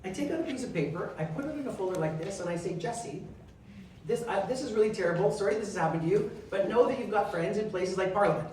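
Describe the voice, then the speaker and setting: A Canadian member of parliament, appearing as a guest speaker, tells animated stories and acts out the quoted dialogue of the people in them. His voice sits high and moves quickly, captured by a distant mic in a very echoey room with faint noise underneath.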